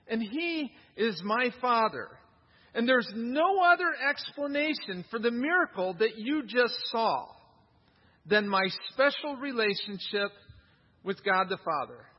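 A middle-aged man preaching a sermon to a congregation, emphatic and animated, often repeating words as he builds a point. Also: very high-pitched, breathy edge. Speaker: pastor. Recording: dull, reverberant hall recording.

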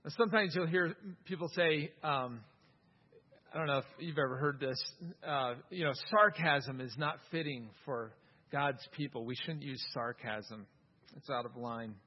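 A man preaching a sermon, reading scripture with lively, wry humor. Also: medium pitch, normal speed, husky. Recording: dull sound, long hall reverb.

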